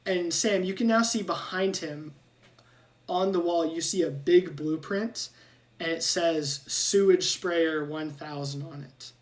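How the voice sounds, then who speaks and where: A woman's voice: sits low, unhurried, distant mic. A woman narrating a tabletop game as game master in a playful way.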